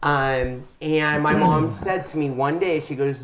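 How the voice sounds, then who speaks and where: A man's voice: fairly high pitch, steady tone, unhurried, few pauses, a bit bright. A middle-aged man hosting a craft channel, telling his story in a casual, heartfelt and emotional way. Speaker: channel host. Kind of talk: casual chat.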